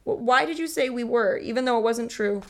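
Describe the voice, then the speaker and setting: A woman's voice: mid-range voice, fast, gravelly, natural voice. A woman reading out the lines of an angry, hurt teenage girl, close to her own voice. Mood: pleading. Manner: reads aloud with little acting.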